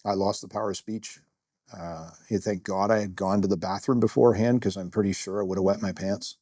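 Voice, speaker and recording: A man's voice: lowish voice, fairly even intonation, a little fast, warm tone, no room sound, clean studio sound. A middle-aged man, a security guard, telling a first-person story in a candid, self-deprecating way, rambling with fillers.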